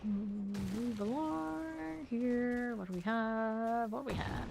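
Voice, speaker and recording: A woman streaming a video game, chatting casually with her viewers and reacting with quick asides and laughs. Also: a little high, steady tone, vocal fry, noisy background. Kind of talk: casual chat while playing.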